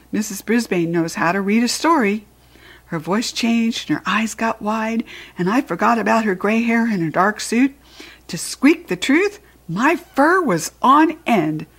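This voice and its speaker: A woman narrating a children's audiobook in an expressive, playful first-person storytelling manner. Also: on the high side, slightly rough.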